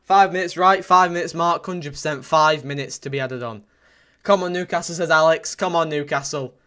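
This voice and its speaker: This fan streamer is a young man calling a football match live, with a fairly high-pitched voice at a moderate pace. He reads out messages from his chat and keeps repeating himself, breaking into shouts whenever something big happens.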